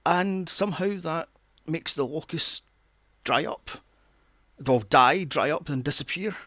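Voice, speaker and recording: A man hosting a podcast, recapping a film plot in a casual, animated way, swearing often and acting out his own reactions. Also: a little high, measured pace, no echo, studio quality. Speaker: podcast host.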